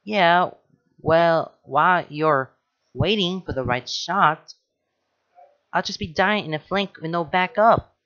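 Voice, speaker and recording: A sarcastic teen girl gamer, voiced by a man reading a story, ribbing and bossy. The voice is pitched above the reader's own. The sound is dull and lo-fi. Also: slow, bright, forceful tone, full character voice. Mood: exasperated. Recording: dull lo-fi recording.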